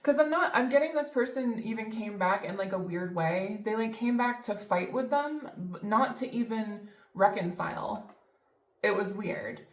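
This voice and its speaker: A woman's voice: mid-range voice, normal speed. A woman giving a casual tarot reading, chatty and emphatic, with lots of fillers and the odd swear word. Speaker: tarot reader. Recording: echoey room.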